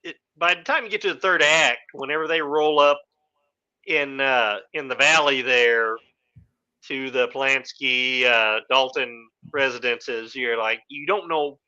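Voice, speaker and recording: Bright-voiced man rambling about films. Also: medium pitch, measured pace, clear, resonant tone, lo-fi sound. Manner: rambling, animated retelling with fillers. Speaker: podcast co-host. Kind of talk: casual movie discussion.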